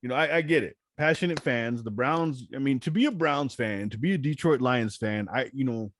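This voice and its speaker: A man's voice: mid-range voice, fairly quick, a little hiss or hum. A man hosting a podcast in casual chat, telling stories with energy and stumbling over restarts. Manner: animated storytelling, stammers on restarts. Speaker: podcast host.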